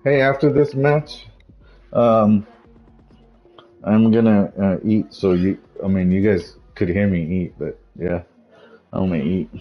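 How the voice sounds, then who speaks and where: A man's voice: on the low side, expressive, moderate pace, long pauses, soft background music. A young man hosting a casual gaming session, joking and talking in slangy banter with a friend. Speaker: gamer host. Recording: dull lo-fi game capture.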